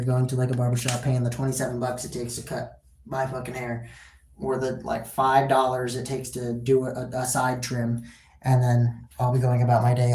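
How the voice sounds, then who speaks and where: A woman's voice: very deep voice, warm tone. A woman livestreaming from her phone at home, chatting loosely and rambling, swearing casually as she goes. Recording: echoey room.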